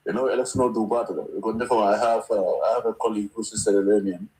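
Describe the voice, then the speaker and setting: A man on a talk show panel, speaking haltingly with frequent restarts. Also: fairly low pitch, steady tone, darkish tone. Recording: echoey room.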